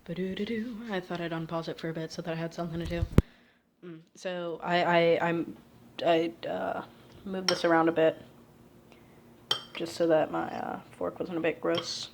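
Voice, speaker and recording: Low-voiced woman rambling in her kitchen. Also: level tone, moderate pace, vocal fry, pauses often, noisy background. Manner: rambling, profane, muttering to herself. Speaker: vlogger. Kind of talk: casual self-filmed cooking vlog. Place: home kitchen. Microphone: phone held in one hand.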